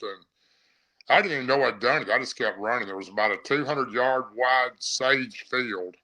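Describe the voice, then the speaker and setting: A middle-aged man guests on a podcast and tells his story in a rambling, first-person way. His voice is bright and forward, at a middle pitch. The delivery is vivid and unpolished. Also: rough recording. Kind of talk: casual storytelling.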